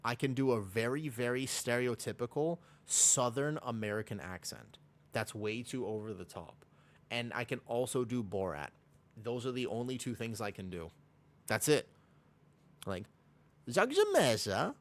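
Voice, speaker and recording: A man's voice: medium pitch, moderate pace. Male game streamer, slightly sick with a sore throat, rambling casual chat. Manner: rambling, self-correcting, chatty. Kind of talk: casual livestream chat while gaming.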